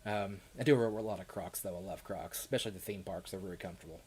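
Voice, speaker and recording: A man's voice: lowish voice, fairly even intonation, fast talker, few pauses, slightly rough. A man with a Kentucky accent chatting casually with viewers on a live stream, rambling with frequent laughs and fillers.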